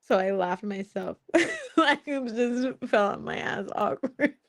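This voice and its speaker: A woman's voice: on the high side, a little slow, a bit bright. A young woman hosting a live stream, chatting casually with viewers in a blunt, teasing way, swearing and laughing often. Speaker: host of a live spiritual Q&A stream.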